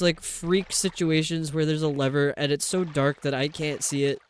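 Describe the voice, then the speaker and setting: A man's voice: on the high side, steady tone, normal speed, slight background noise. A man live-streaming a video game, rambling to his viewers as he puzzles over the level. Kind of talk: casual live-stream chat while gaming.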